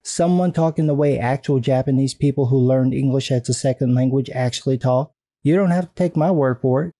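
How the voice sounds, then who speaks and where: Male commentator, sarcastic and profane, mid pitch, mellow tone. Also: fairly quick, no room sound. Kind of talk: ranting video commentary.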